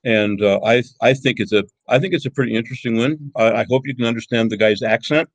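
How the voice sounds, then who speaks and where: A man teaching a college class, introducing a video in a halting way with many repeated words. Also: medium pitch, no echo, low-quality recording. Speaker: college lecturer.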